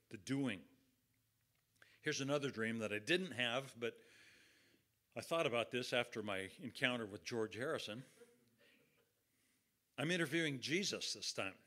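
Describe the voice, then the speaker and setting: Middle-aged male pastor, folksy sermon storyteller, bright tone. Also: medium pitch. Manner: folksy, conversational, acts out quotes.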